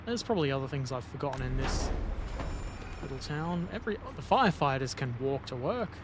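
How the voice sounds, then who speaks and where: A man's voice: medium pitch, animated, fairly quick, background noise. A man casually commenting while playing a video game, rambling and joking to himself as he goes. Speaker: gaming video host. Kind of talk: casual let's-play commentary.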